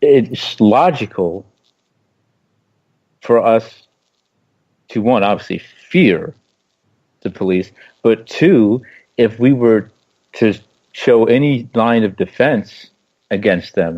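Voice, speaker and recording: A man co-hosting a casual political discussion, talking with passion and repeating phrases for emphasis. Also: lowish voice. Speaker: co-host. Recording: dull lo-fi stream audio.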